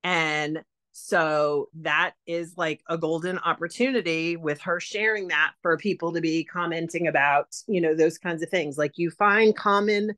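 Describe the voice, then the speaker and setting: Chatty woman with a lowish voice. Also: fairly even intonation, measured pace, a bit bright. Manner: chatty, heavy use of "like" and "um". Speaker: direct sales consultant. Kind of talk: casual sales advice talk.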